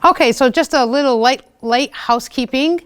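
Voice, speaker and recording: A woman's voice: high voice, moderate pace, background noise. A woman in her thirties hosting a local TV show, telling personal stories in a chatty way, full of fillers and acted-out quotes. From United States. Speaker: host of a community TV show. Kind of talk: personal storytelling talk.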